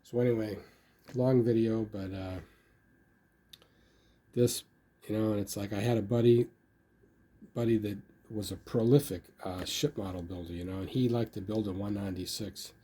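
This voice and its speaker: A man's voice: on the low side, fairly even intonation, moderate pace, pauses often, dark tone, husky. An older man casually talking about his model building, rambling and filling his speech with "you know.". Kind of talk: casual hobby video talk.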